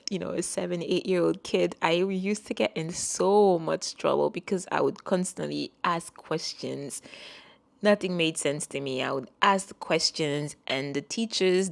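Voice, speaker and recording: A woman who grew up speaking French, hosting a podcast on astrology in a casual, rambling monologue, often correcting herself and breaking into laughs. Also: fairly low pitch.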